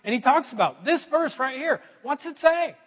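A middle-aged male pastor preaching a sermon, swinging between loud emphasis and quiet asides. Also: very high voice, expressive, moderate pace. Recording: dull, echoey hall sound.

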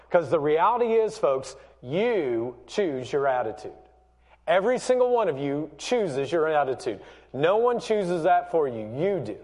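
A pastor in his forties tells a family story in a conversational sermon, asking the congregation for a show of hands. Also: on the high side. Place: church sanctuary. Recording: long hall reverb.

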